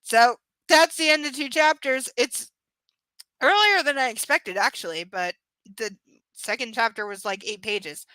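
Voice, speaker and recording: A woman with a high, bright, sharp voice reads a book live and breaks off into sarcastic, swear-filled rants. Her exasperation carries through everything she says. The sound is dry and close. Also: measured pace, no echo, rough recording. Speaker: livestream book reader. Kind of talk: live reading with ranting commentary.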